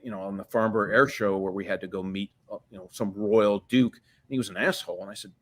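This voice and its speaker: A man in his sixties, a podcast guest telling a long story, profane and rambling, with frequent restarts. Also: fairly low pitch. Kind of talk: storytelling interview.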